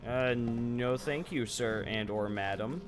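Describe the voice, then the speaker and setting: Talking slowly in a medium-pitched voice, this gamer chats casually during a live stream, cursing without restraint and mumbling comments to himself.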